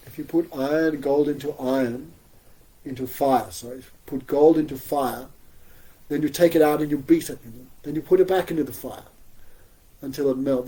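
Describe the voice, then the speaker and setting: A man's voice: mid-range voice, warm tone, breathy edge, rough recording. A man giving a spiritual scripture class, telling stories with frequent chuckles and rhetorical questions. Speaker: spiritual teacher.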